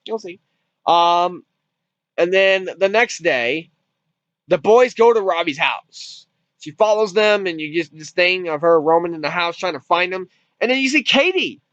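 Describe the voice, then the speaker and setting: A man's voice: high-pitched, expressive, measured pace, a bit bright, no echo. A man casually retelling a movie's plot as a reviewer, rambling with restarts and swearing freely. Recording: dull lo-fi dry recording.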